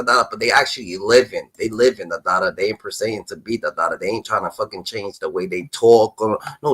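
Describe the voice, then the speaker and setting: A man hosting a stream, reacting to clips in an animated rant and ending lines with a repeated filler word. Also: mid-range voice, slightly rough, poor audio. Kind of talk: casual ranting commentary.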